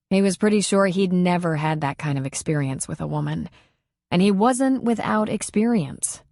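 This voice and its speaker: A woman narrating a novel as an audiobook in a measured, even storytelling voice. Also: fairly low pitch, no room sound, studio quality. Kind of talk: scripted narration.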